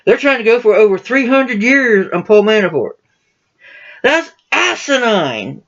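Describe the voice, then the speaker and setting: A man's voice: sits high, very animated, unhurried, a bit bright, muffled recording. A man hosting his own political commentary channel, ranting casually to camera in a profane, combative, heated way.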